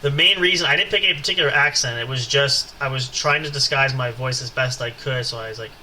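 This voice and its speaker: Guy hosting a podcast telling a long story, rambly with lots of uhs, really bright voice, middle pitch. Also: fast talker, slight background noise, poor audio. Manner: rambling, lots of fillers and asides. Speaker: podcast host. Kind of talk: casual storytelling.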